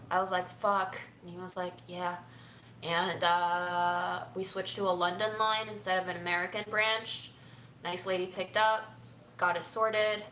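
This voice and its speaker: A young woman speaking softly and haltingly, close to tears, in a personal livestream from home. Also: on the high side, slight background noise. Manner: soft, halting and tearful, often near a whisper. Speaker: vlogger. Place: home room. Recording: echoey room with faint ambience.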